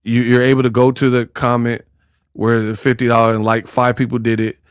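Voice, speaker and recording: A man's voice: medium pitch, little pitch movement, brisk, smooth, dry recording, studio quality. A man hosting a casual commentary stream, talking in slangy, teasing rants. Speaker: YouTuber streamer.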